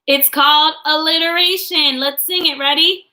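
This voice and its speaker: A young woman teaching a young class online, singing and chanting phonics in a cheerful sing-song voice with drawn-out words. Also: high-pitched, bright, forceful tone, rough recording. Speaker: kindergarten teacher.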